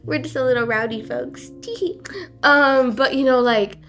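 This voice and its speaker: A woman with a fairly high voice chats with her sister in a loose, slangy way, full of fillers and acted-out bits. She is close on the mic, with faint music behind her. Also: moderate pace. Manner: animated and slangy, heavy on filler 'like', acts out voices. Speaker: podcast co-host, younger sister. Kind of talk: casual chat. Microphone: close studio mic.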